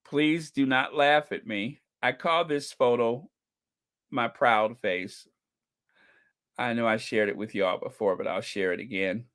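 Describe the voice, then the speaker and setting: An effusive man talking casually to his livestream viewers. His voice sits at an ordinary middle pitch, and he circles back over his own phrases. He often pauses to read comments aloud. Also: fairly bright tone. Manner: gushing, repeats phrases. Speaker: channel host.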